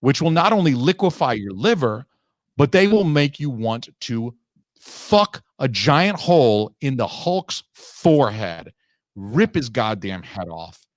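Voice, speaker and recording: A man's voice: mid-range voice, sing-song, a little slow, dry recording, clean studio sound. A man hosting a podcast, telling a long, profane, ranting story in casual chat. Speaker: podcast host.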